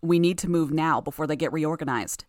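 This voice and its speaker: A woman's voice: deep voice, fairly quick, dry recording, studio quality, close to an everyday voice. A woman voicing a blunt young male gang leader, curt and impatient, in an audiobook.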